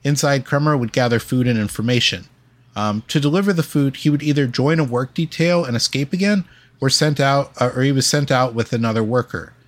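Speaking fairly quickly in a mid-range voice, this podcast co-host works through history notes on a casual show. Frequent ums and uhs break up his reading.

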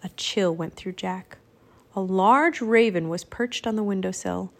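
A woman narrating a children's audiobook with clear, expressive storytelling. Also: mid-range voice, a little slow. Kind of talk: audiobook reading.

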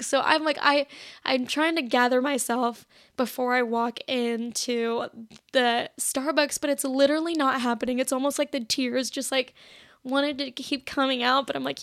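A woman's voice: high voice, steady tone, moderate pace, fairly bright tone, no echo, studio quality. A young woman hosting her own podcast, telling a story in a casual, confessional way, with constant "like" fillers and acted-out quotes of her past self, a little shaky. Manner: chatty, heavy "like" filler, acts out her own past lines. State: shaky, emotional. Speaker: podcast host.

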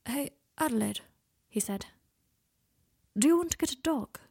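A tender fatherly man speaks low and confiding, as a woman reading an audiobook voices him. The voice is gravelly and breathy, soft rather than forceful. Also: animated, moderate pace, exaggerated voice. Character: gentle male parental figure, tender and open.

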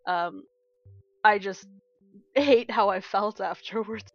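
Young woman, podcast co-host, lively storyteller, swears a lot, muffled lo-fi sound. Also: medium pitch, slow pace, dry recording. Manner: animated storyteller, swears a lot, acts out quotes. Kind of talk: casual chat. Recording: dull lo-fi sound.

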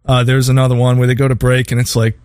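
A man of ordinary pitch hosts a loose podcast conversation. He tells his stories in a chatty, meandering way and laughs at his own punchlines. The sound is dry and close. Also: monotone, fast, a little mellow, no room sound. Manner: anecdotal storytelling, chuckling often. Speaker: podcast host. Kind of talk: casual podcast chat.

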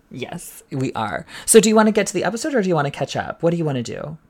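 A man's voice: a little high, sing-song, a little fast. A man who performs as a drag queen, co-hosting a podcast in a playful, teasing chat with lots of laughter before a live audience.

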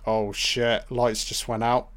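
A man's voice: mid-range voice, flat delivery, slow, fairly bright tone. A man giving a casual, crude running commentary on a film, swearing and reacting aloud.

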